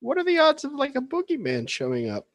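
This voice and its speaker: Wry, very animated player. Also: female voice, high voice, brisk, no echo. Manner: wry, teasing. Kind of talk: casual chat in a tabletop game.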